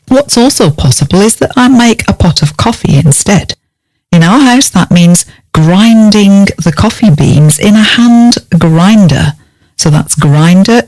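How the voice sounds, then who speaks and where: Female teacher, lowish voice, dry close sound, measured and clear. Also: a little mellow, no echo. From United Kingdom. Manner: spells words out letter by letter, clear and measured. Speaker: English teacher. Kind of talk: scripted vocabulary lesson.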